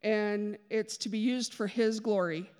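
A woman's voice: mid-range voice, fairly even intonation, measured pace, a little mellow, smooth. A woman giving a conversational sermon with personal testimony, chatty and self-deprecating, with joking asides. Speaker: speaker giving a church talk. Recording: long reverb of a large hall.

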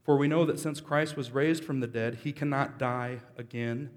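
Pastor, male, mid-pitched, preaches casually with jokes and sudden loud emphasis; sanctuary echo. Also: fairly even intonation, moderate pace. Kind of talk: sermon. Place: church service. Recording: long reverb of a large hall.

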